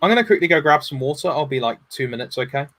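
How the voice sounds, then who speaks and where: Earnest bright-voiced man. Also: fairly high pitch, very fast. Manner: earnest, advising, animated. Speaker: guest. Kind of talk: casual livestream discussion.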